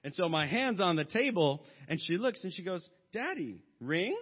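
A man in his thirties preaching a sermon, mixing jokes and lively stories into his message. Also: sits high, fairly quick. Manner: joking, lively storytelling. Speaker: pastor. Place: church hall. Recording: long hall reverb, dull sound.

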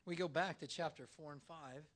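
A man preaching a sermon in a church, animated and emphatic, using dramatic pauses. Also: a little high. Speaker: pastor.

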